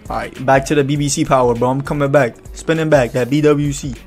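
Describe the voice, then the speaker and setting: A man's voice: mid-range voice, steady tone, a little fast, a little mellow, soft background music. A man doing casual gameplay commentary, hyped and trash-talking in profane banter. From Louisiana, USA. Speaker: gaming YouTuber.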